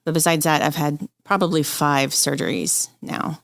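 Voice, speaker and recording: A woman's voice: deep voice, steady tone, moderate pace, creaky, fairly bright tone, dry recording. A woman in her forties, an interview guest, telling her personal story openly and with feeling. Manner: candid, open, quotes people she talks to.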